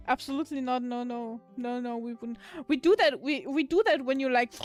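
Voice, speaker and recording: A woman's voice: a little high, expressive, a little slow, faint music behind. A woman livestreamer in casual chat with her viewers, giggling often and swearing casually.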